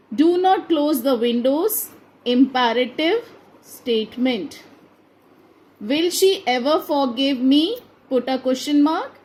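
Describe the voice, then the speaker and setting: Slow, high-voiced teacher. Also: female voice, darkish tone, poor audio. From India. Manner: slow, deliberate, spells out each answer. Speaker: school teacher. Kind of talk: grammar lesson read aloud to a class.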